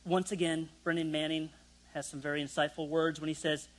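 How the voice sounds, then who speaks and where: A man's voice: a little high, level tone, fairly quick, fairly bright tone, low-quality recording. A young man preaching a sermon in a conversational way, with self-deprecating asides to the congregation. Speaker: pastor.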